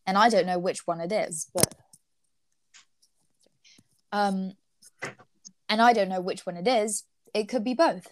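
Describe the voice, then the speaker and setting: Slow, thoughtful young woman. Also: medium pitch, noisy background. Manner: thoughtful, hesitant with frequent fillers. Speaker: co-host discussing ethics. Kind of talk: casual study discussion.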